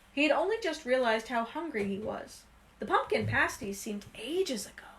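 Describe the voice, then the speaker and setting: Expressive woman reading a storybook aloud. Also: fairly high pitch. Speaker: reader. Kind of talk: reading a children's novel aloud.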